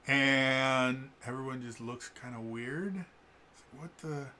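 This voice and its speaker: A man's voice: mid-range voice, slow, pushed and bright. A man reviewing a tabletop game book in casual talk, stammering and restarting often. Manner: stammering, frequent restarts and fillers.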